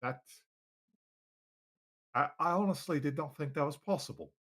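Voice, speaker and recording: A man's voice: on the high side, moderate pace, fairly bright tone. A man running a tabletop game as game master over a video call, in an easygoing style with lots of fillers.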